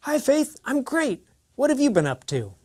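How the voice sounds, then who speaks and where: Woman doing a curious student in a lesson video, slightly high voice that moves around a lot. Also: big pitch swings, normal speed, a little mellow. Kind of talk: scripted educational dialogue.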